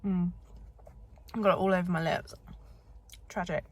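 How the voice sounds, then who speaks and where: A woman's voice: on the low side, fairly even intonation, normal speed, very noisy. A woman chatting casually in a vlog from inside a car, filling her talk with "like" and dry, self-mocking asides. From England. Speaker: beauty student reviewing lipstick.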